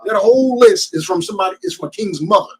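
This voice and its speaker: A man's voice: sits high, expressive, fast, a little mellow, slightly rough, rough recording. A man with a New Jersey accent preaching to a group in an emphatic, streetwise, slangy way.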